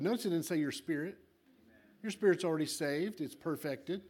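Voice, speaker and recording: Animated high-voiced male preacher. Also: normal speed. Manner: animated, acts out voices, shifts from loud to quiet. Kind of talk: sermon.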